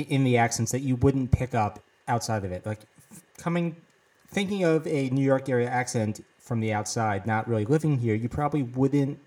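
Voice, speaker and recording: Measured man, somewhat off-mic. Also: mid-range voice, darkish tone, far from the mic. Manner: measured, explanatory, with uh fillers. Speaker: podcast co-host. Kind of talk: casual chat. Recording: voice set back from the mic.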